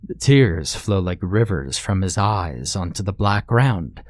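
A man narrating a horror story in a slow, grim, dramatic way. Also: low voice, expressive, darkish tone, dry recording.

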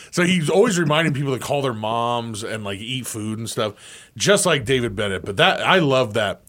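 A man co-hosting a sports talk show in casual chat, animated and laughing often. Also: mid-range voice, normal speed. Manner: animated, laughs often, shouts when imitating coaches. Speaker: sports radio co-host.

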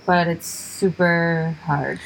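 A young woman comedian co-hosting a podcast, ranting emphatically in casual chat and chiming in with quick agreement. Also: lowish voice, steady tone, vocal fry, slight background noise, poor audio.

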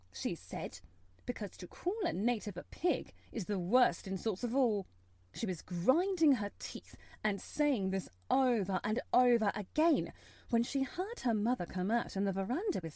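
A woman's voice: medium pitch, dry recording. Woman narrating a storybook, dry sound. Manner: measured, expressive storytelling. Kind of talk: audiobook narration.

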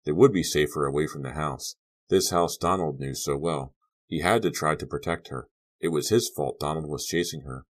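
Very deep-voiced male audiobook narrator. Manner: measured, suspenseful storytelling. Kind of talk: scripted horror audiobook narration.

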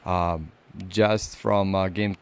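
A man's voice: sits low, fairly even intonation, takes it slowly, clear, resonant tone. A man co-hosting a casual podcast, joking around and trying silly accents. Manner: jokey, tries silly accents. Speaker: podcast co-host. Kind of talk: casual chat.

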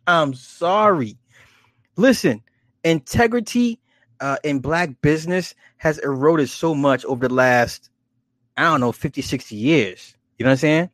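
A man hosting a casual commentary, animated and profane, often laughing at his own stories. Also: fairly high pitch, unhurried, no room sound, clean studio sound.

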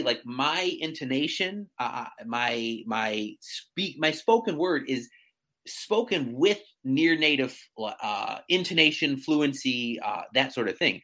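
Lively guy, bright tone, jokey and self-mocking, trips over his words a lot. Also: on the high side. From central New York. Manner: animated, self-mocking, stammers on restarts. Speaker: guest, real estate agent. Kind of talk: casual chat.

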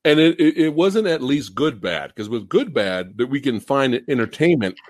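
A man hosting a casual film podcast, ranting profanely and laughing loudly as he talks. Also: mid-range voice, big pitch swings, normal speed, dry recording. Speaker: host.

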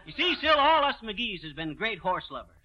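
An actor playing a boastful, excitable comic schemer in a 1930s radio comedy, with a bouncy, joking delivery full of wordplay. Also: male voice, high voice, normal speed. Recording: muffled 1930s radio broadcast.

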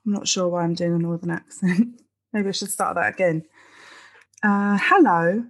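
Husky woman introducing a podcast. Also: lowish voice, moderate pace. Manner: chatty, self-deprecating, informal. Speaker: podcast co-host.

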